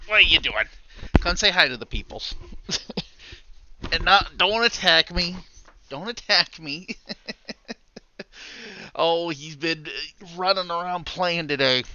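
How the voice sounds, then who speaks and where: A man hosting a casual livestream from his computer on a headset mic, chatty and easygoing with frequent soft laughs. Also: fairly high pitch, lively intonation, takes it slowly, pauses often, dull audio. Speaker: streamer. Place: home room at his computer. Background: faint background music.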